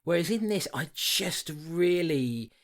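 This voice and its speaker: A man's voice: a little high, expressive, slow. A man co-hosting a horror film podcast, chatting casually, teasing and sarcastic. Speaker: podcast co-host. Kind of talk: casual film review chat.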